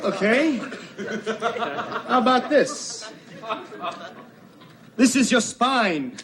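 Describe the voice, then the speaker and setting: A touchy wannabe mobster. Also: male voice, extremely high pitch, very animated, drawn-out words, over a noisy crowd, exaggerated voice. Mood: indignant. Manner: mock mobster talk with Italian phrases. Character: young man playing wannabe Italian mobster, touchy. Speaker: stepson. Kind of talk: sitcom acting. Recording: noisy old sitcom recording.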